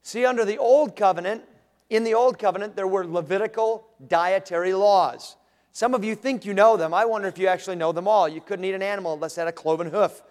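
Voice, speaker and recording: A man preaching a sermon as pastor, animated, acting out the voices he quotes. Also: sits high, quick pace. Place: church sanctuary. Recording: long reverb of a large room.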